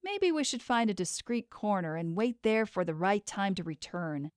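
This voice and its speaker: A troubled time-traveling professor, earnest and brooding as he talks, voiced by a woman reading the audiobook. The pitch sits in the middle and the recording is dry and close. He sounds weighed down and serious. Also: lively intonation, normal speed, no echo, lightly acted.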